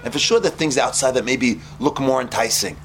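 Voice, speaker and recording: A man teaching yeshiva students, telling a parable in an animated, conversational way with many fillers. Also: mid-range voice, brisk, slight background noise. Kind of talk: storytelling sermon.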